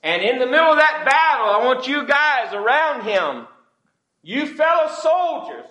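A man's voice: very high voice, sing-song, unhurried, sharp tone, roomy sound, pitched above the performer's own voice, full character voice, rough recording. A man voicing an ancient king giving urgent, insistent secret orders. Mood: scheming.

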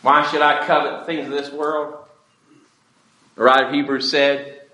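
A man's voice: on the high side, level tone, moderate pace, pauses often, sharp tone. A man preaching a sermon emphatically, calling out to the congregation for responses. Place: church. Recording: echoey church room.

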